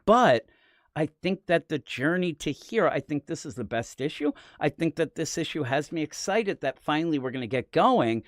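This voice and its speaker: A man chatting about comics on a podcast, animated and rambling with a voice that rises and falls a lot. He sits a little above the usual male pitch. His voice sounds dry and close. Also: no echo. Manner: animated, rambling, quick to laugh. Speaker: podcast co-host. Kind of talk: casual comic review chat.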